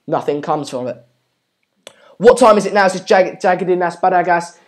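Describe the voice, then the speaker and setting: This is a young man's live football watchalong stream, delivered in a high voice at normal speed. He comments on the game and reads out what viewers write, chatting casually with lots of ums and pushing people to subscribe.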